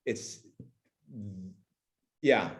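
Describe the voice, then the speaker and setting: A man in his forties from Canada talks very slowly, his voice carrying a roomy sound. He's a podcast guest in a reflective conversational interview, emotional and sometimes choked up, frequently repeating words and starting sentences over.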